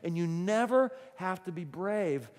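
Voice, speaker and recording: Animated man preaching a sermon. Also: sits high, unhurried, long reverb tail. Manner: animated dramatic storytelling. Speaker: pastor. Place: church auditorium.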